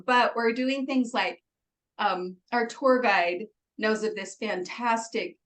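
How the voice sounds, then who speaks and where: This retreat organizer, a guest on a conversational interview, has a somewhat high, fairly bright voice and a slow pace, captured in poor audio. Chatty and bubbly, she giggles a lot and leans on "like" and "um."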